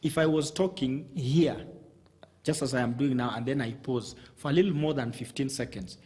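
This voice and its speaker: A man's voice: mid-range voice, moderate pace, darkish tone. A man giving communication advice in a TV studio, speaking methodically, listing his points and often restarting his sentences. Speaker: communication coach guest.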